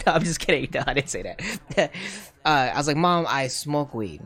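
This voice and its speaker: A man's voice: medium pitch, a little fast. A young man and streamer, casually telling a personal story, full of "right?" and "like" fillers and laughing often. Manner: animated, mimics voices of parents in quotes.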